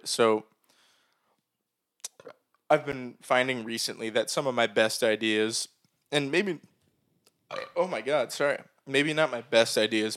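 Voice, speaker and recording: A young man co-hosts a casual podcast, joking loosely and swearing freely as he chats. His voice is fairly low and fairly bright, with a smooth quality.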